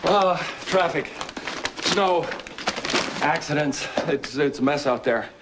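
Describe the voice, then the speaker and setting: A man's voice: on the high side, slow. An actor playing a teasing, affectionate husband and father in a soap opera, from an old TV tape with faint hiss. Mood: playful. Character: playful loving husband, adult man.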